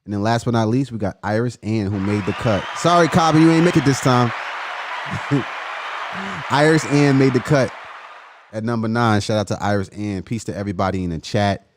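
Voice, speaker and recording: A man hosting a casual livestream, chatting loosely and giving shout-outs to viewers by name. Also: fairly low pitch, a little fast, a crowd in the background, noisy background. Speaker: livestream host.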